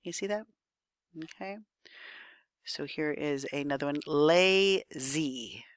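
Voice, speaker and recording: A woman's voice: low-pitched, a little slow, clean tone, dry recording. A woman teacher giving a recorded spelling lesson, thinking aloud patiently and checking in with her students.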